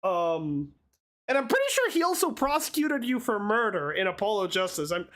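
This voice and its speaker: A woman's voice: mid-range voice, big pitch swings, normal speed. Chatty woman streamer laughing along. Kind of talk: casual game commentary.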